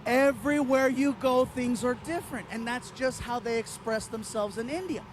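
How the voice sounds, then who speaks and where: A man doing stand-up comedy on a theater stage, with an animated, playful storytelling delivery into a handheld mic. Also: very high-pitched, normal speed, slight background noise. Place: theater stage before an audience.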